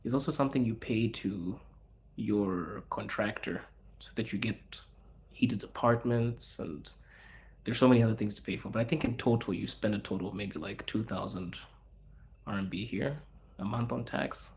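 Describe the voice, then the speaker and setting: A man from Zimbabwe hosting a casual livestream, chatting loosely with viewers and answering their questions in a relaxed, slangy, rambling way. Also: on the low side, normal speed, slight background noise. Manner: relaxed, slangy, rambling with fillers and self-corrections. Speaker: livestream host.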